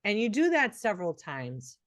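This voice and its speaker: Middle-aged woman, nurse co-host, earnest and encouraging, mid pitch, dry close mic. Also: sing-song, normal speed, no room sound. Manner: earnest, encouraging, many restarts. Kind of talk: casual podcast chat.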